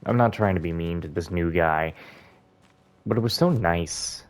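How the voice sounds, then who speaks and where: Casting: young man, low voice, casual rambling let's-play commentary. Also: normal speed. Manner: chatty, musing, rambling. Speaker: gaming YouTuber.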